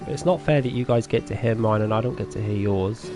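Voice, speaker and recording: A man's voice: lowish voice, brisk, over music. A man with a Norfolk English accent chatting casually with viewers while streaming a farming game, chatty and self-deprecating, laughing often. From England.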